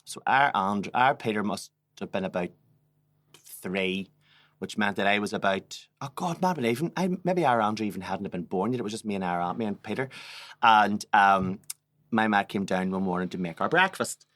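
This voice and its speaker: Brief: male comic co-host, animated pitch, bright voice, swears through a rambling tale. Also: moderate pace. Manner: rambling, swearing, laughing often. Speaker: comedian, podcast co-host. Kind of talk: casual comic storytelling.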